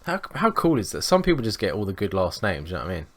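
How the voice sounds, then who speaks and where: A man's voice: sits low, huge pitch swings. A man from England co-hosting a podcast, chatting casually, swearing freely and laughing through his stories. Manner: sweary, quick to laugh, tells anecdotes. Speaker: podcast co-host. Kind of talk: casual chat.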